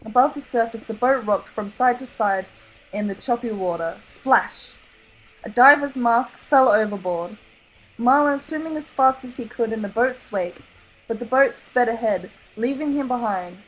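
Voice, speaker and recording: An Australian woman reading a children's novel aloud in an expressive, dramatic way. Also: on the high side, moderate pace, soft background music, rough recording. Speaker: reader. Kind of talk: storybook read-aloud.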